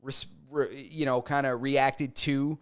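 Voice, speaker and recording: A man's voice: medium pitch, little pitch movement, slow pace. A young man co-hosting a podcast, chatting casually in a loose, joking, slangy way and now and then mimicking other people. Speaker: podcast co-host. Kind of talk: casual chat.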